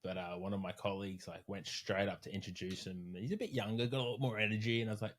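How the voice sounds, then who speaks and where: A man, a strength coach, chatting casually on a podcast and telling animated stories, swearing freely along the way. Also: lowish voice, fast, few pauses.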